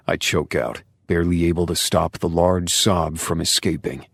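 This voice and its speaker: A man narrating a dark romance audiobook in the first person, with intense, emotional delivery and hushed passages. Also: sits low, steady tone, moderate pace, vocal fry, hardly any pauses, no echo, studio quality.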